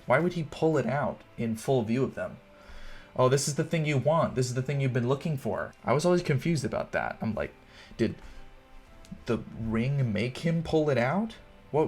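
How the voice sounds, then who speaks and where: A young man talks casually through a movie, a little tipsy, rambling and swearing as he gushes over scenes. His voice sits fairly low, and faint music runs underneath. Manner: rambling, swearing, gushing with many fillers. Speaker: film commentator.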